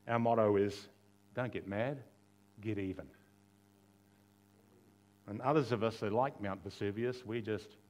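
A male pastor preaching a sermon in a conversational way, with rhetorical questions, touches of humor and quoted dialogue that he acts out. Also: fairly low pitch.

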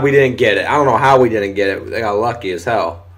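A young man giving loose, profane live commentary over a football video game, shouting at big plays. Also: fairly low pitch, fast talker. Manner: excitable, swears often, shouts at big plays. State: voice briefly giving out. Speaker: gaming commentator.

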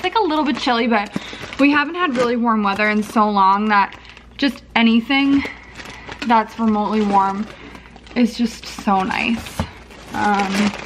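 A woman's voice: fairly high pitch, a bit bright, slight background noise. A woman in her twenties chatting casually to her own camera as a vlogger, rambling with plenty of "like" and "um". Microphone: handheld compact camera.

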